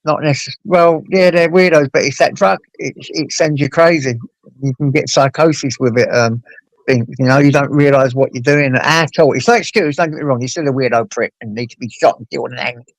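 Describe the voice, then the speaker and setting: Bloke hosting, gravelly voice, dry close sound, swears a lot. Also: male voice, mid-range voice, fairly quick, no room sound, rough recording. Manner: blunt, sweary, animated storytelling. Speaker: host. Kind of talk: casual chat.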